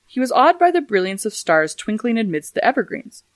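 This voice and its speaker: A woman's voice: on the high side, big pitch swings, brisk, no room sound. A woman hosting a casual history podcast, reading facts and adding dry, joking asides. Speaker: podcast host.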